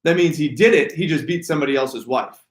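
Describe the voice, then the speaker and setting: A man running a sales training workshop. He talks in a casual, animated way and stresses single words to show how emphasis changes meaning. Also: on the high side, fast talker. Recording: echoey room.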